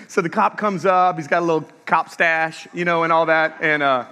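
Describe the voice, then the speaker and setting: High, bright-voiced preacher in an echoey hall. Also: male voice, fairly even intonation, brisk, few pauses, smooth. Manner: humorous, storytelling, engages the audience with questions. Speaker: pastor. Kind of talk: sermon. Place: church sanctuary.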